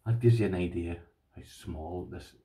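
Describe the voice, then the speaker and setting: Deep, mellow Irish man gushing excitedly. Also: normal speed, distant mic. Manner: gushing, repeats himself, addresses viewers as "boys". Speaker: lockpicking vlogger. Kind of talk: casual excited unboxing chat.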